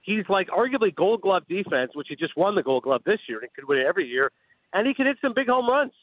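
A man calling in as a guest broadcaster, telling stories with enthusiastic, rapid energy. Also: sits high, sing-song, no echo, narrow, tinny audio. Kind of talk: call-in radio interview. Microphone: phone line.

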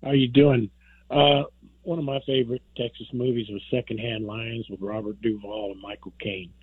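A man calling in to a radio show, recounting scenes in a relaxed way. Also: mid-range voice, moderate pace, husky, no room sound. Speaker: caller. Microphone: telephone. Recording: dry tinny phone line.

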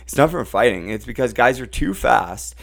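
A Canadian man hosting a casual chat, talking in an animated way and getting louder when he makes a point. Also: mid-range voice, moderate pace, creaky. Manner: animated, rises and gets loud when making a point. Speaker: host.

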